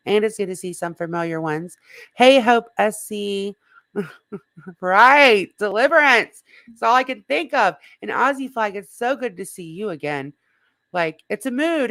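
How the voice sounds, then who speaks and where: A slightly hoarse woman hosting a casual livestream, rambling and greeting viewers in the chat by name. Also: mid-range voice, fairly bright tone, dry recording. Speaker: livestream host.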